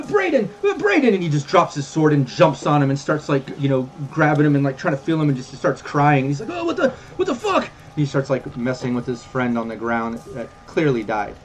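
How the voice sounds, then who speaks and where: A man running a tabletop game as game master, talking in a relaxed, rambling way with many fillers. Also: mid-range voice.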